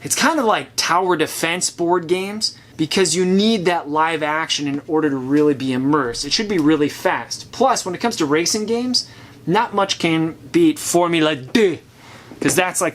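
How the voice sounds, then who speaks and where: A man's voice: on the high side, animated, moderate pace, fairly bright tone, slight background noise. A man hosting a casual chat, giving opinionated, chatty takes while thinking aloud. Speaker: host. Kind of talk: casual chat reviewing board games.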